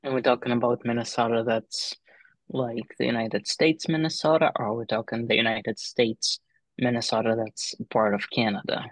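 Deadpan man with halting delivery. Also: medium pitch, dry recording. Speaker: guest playing a transfer agent bit.

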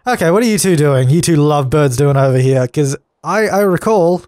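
Young man, gameplay commentary, chatty, easily exasperated, fairly high voice, dry close sound. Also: expressive, fairly quick, darkish tone, no room sound. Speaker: let's play gamer.

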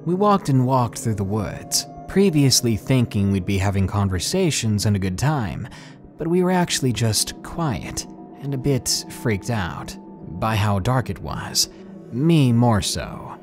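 A man reading a scary true story aloud in slow, hushed, dramatic narration, with faint music behind him. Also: medium pitch. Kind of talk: scripted horror story narration. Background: faint background music.

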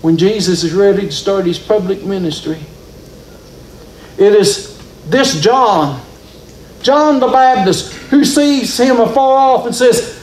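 A man's voice: high voice, slow, a little mellow. A man preaching a sermon in a church, telling the story with rising and falling emphasis. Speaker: pastor. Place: church sanctuary. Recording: roomy church echo.

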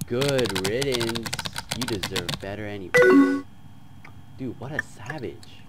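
A man playing a chat game on his channel, reading the messages aloud in a flat tone and breaking into loud, excited outbursts. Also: lowish voice, a little slow, loud music behind the voice. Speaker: gaming YouTuber. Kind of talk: let's play commentary, reading chat aloud.

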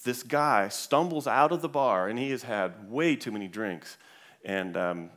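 A man's voice: mid-range voice, sing-song, normal speed, a bit bright. A man speaking at a church event, telling an anecdote to an audience with many fillers and restarts. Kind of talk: storytelling talk to an audience.

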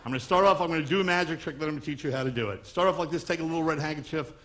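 A man's voice: a little high, racing, a bit bright, a little hiss or hum. A man from Long Island doing a stand-up comedy magic act, wisecracking patter on stage before a live audience. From Long Island, New York.

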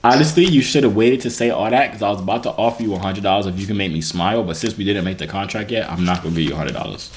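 A man's voice: lowish voice, very fast, few pauses, a little hiss or hum. Teasing man hosting video chats. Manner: teasing, slangy banter. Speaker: host. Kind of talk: casual chat.

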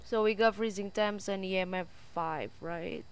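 A woman's voice: mid-range voice, moderate pace, clean tone. A woman streaming a horror game, talking to a teammate with nervous laughter and frightened cries. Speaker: gaming streamer. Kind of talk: live game commentary.

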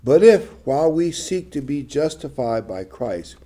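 A man's voice: a little high, big pitch swings, a little slow, warm tone. An older man preaching a sermon, reading scripture and adding conversational, humorous asides. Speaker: pastor.

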